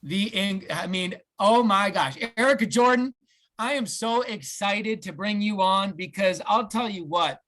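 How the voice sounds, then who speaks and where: A man hosting a live company video call, earnest and emotional, slowing down with restarts as he thanks and introduces speakers. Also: sits high, fairly bright tone. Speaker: host.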